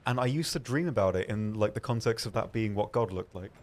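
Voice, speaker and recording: A man's voice: on the low side, expressive, fast talker, darkish tone. A man co-hosting a game stream in casual chat, rambling and laid-back with lots of fillers. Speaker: stream co-host.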